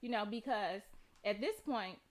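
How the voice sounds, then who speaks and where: Animated woman retelling a story. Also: mid-range voice, a little slow. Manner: animated retelling, voicing quoted people. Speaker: radio show co-host. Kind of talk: casual chat, storytelling.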